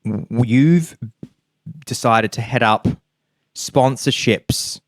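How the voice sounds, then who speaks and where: A man with a mild Australian accent co-hosting a podcast, chatting casually and explaining things with playful, animated vocal demonstrations. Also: mid-range voice, slow, no echo, clean studio sound. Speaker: podcast co-host.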